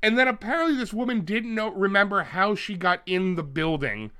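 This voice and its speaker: Animated high-voiced man telling stories. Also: fairly quick, clean tone. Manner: animated storyteller, mimics people loudly; swears freely. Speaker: podcast co-host. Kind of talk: casual comedic chat.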